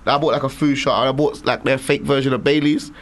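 A man, telling animated, slangy stories in a casual chat. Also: medium pitch, fast. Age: 20s. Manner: animated, slangy, acts out voices in anecdotes.

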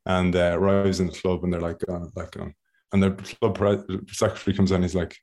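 A man with an Irish accent tells stories in a relaxed, chatty way, his voice sitting low. He keeps the telling animated and easygoing. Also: a little fast. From Ireland. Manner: animated storyteller, laughs often and acts out other people's voices. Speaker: podcast guest, former rugby player. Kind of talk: casual storytelling.

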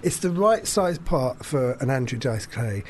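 A man hosting a casual chat, rambling and animated, swearing freely as he talks. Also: medium pitch, a little slow, a little hiss or hum. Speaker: podcast host.

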